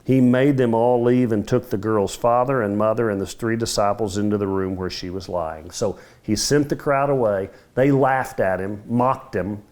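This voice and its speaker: A middle-aged man teaching a Bible study, telling the story vividly and acting out the dialogue, his voice swinging between loud and hushed. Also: lowish voice, moderate pace, hardly any pauses. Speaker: men's ministry Bible teacher.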